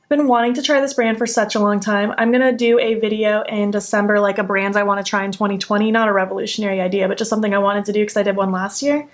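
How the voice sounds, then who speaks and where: A young woman in her twenties chatting excitedly through a makeup tutorial, gushing about a new eyeshadow palette as she works. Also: medium pitch, quick pace. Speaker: beauty vlogger.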